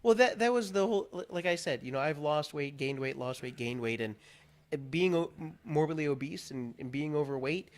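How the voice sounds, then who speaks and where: A man's voice: on the high side, brisk. A man from Pennsylvania, a guest on a talk show, sharing his own story in an earnest, candid way. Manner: earnest, candid, animated when recounting. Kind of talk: conversational interview, personal story.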